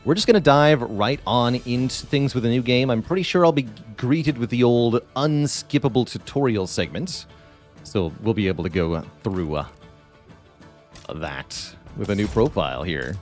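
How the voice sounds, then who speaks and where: A man's voice: mid-range voice, animated, moderate pace, soft background music. A man giving casual live-stream commentary on a game, chatty and thinking aloud as he plays.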